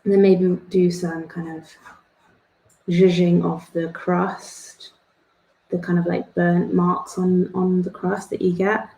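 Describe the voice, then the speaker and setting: Chatty young woman with a gravelly voice. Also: on the low side, level tone, slow pace, warm tone. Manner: rambling and self-deprecating, laughs at herself. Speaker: art club host. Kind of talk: chatty drawing tutorial. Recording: echoey room.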